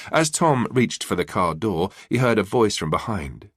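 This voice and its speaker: A man narrating a crime thriller audiobook in a measured, even way. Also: lowish voice, breathy edge, dry recording, clean studio sound. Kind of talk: scripted narration.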